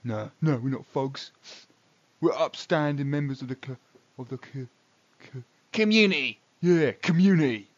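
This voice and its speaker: A man's voice: mid-range voice, normal speed, voice pushed up, natural voice. A man voicing a greasy, cocky male thug boss who sneers and bullies, and trips over his words. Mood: mock-offended. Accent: northern city accent of the game world. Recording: dull lo-fi recording.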